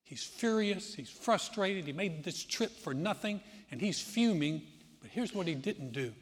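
A man preaching a sermon as pastor, telling stories with lively acted-out quotes. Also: high-pitched, unhurried, slightly rough, long reverb tail. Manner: animated storytelling, acting out quoted voices.

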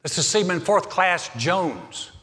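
A man voicing a young male seaman at a lighthouse, who answers slowly and steadily. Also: high-pitched, pitched above the performer's own voice, exaggerated voice. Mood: calm firm. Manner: slow, steady and unbothered. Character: calm, firm young male lighthouse keeper. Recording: long hall reverb, faint music.

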